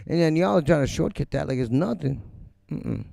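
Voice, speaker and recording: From his home studio, a middle-aged music livestreamer rants with blunt profanity, animated and mocking others by quoting them in silly voices. His voice is a little high with vocal fry, at a moderate pace, and there's no echo.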